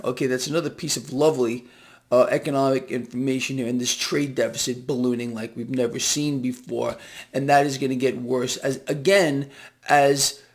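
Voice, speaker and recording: Male financial commentator, slightly higher-pitched, sardonic and emphatic, talks through allergies, casual solo monologue. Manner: emphatic, sardonic, repeats phrases, laughs at bad news.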